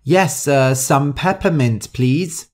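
A man's voice: medium pitch, slow pace, darkish tone, pitched above the performer's own voice, natural voice. A man voicing a dramatic young woman amateur actress in a storybook reading. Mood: theatrical. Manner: theatrical, dramatic.

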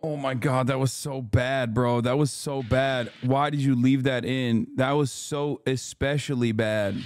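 A man's voice: medium pitch, steady tone, a little slow, a little hiss or hum. A man streaming live, reacting to short videos with loose, laughing, incredulous commentary.

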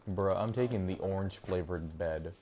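A man's voice: low voice, normal speed, dark tone. A young man chatting casually while playing a game, laid-back and jokey with lots of slang. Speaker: host and player. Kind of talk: casual gaming chat.

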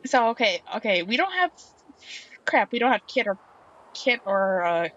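A woman's voice: on the high side, sing-song, moderate pace, fairly bright tone, lo-fi sound. A woman hosting a casual game playthrough, chatting and reading the game's lines aloud with playful drama. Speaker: let's play host.

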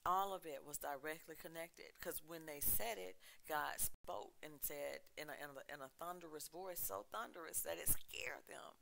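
A man preaching a sermon with emphatic, chant-like repeated lists, reading scripture with dramatic pauses. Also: on the high side, creaky, bright, forceful tone, poor audio. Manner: reads scripture dramatically, slowing and dropping his voice.

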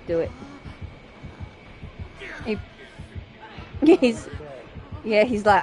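A young woman calls out a horror game for her stream in a bright, high voice that leaps around playfully. She drawls her words and laughs often, teasing her friend and sometimes breaking into sudden shrieks. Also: expressive, slow pace, long pauses, soft background music. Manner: giggly, teasing, bursts into shrieks. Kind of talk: live gaming commentary with a friend.

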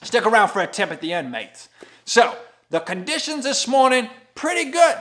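A man's voice: extremely high pitch, sing-song, brisk, fairly bright tone. A man with an Appalachian accent giving a jokey driving-conditions vlog from his car, sprinkling in mock Aussie slang. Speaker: vlogger giving road reports.

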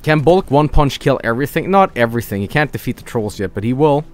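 A young man talks fast in an expressive, medium-pitched voice while streaming a game late at night. Despite the pace, he's sleepy and rambling, trailing off in casual chat, with an itchy throat from hay allergy.

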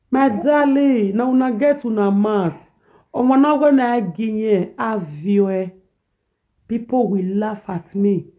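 A man with a Nigerian accent ranting in a preachy, repetitive reaction video, switching between pidgin and a local language. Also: sits high. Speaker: social media commentator. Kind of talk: animated reaction rant. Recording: tinny phone-like audio.

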